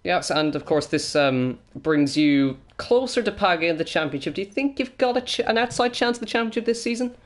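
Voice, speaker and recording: Male host of race interviews, fairly high voice, halting delivery with fillers. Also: lively intonation, faint music behind. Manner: hesitant, many ums, joking asides. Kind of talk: post-race esports interviews.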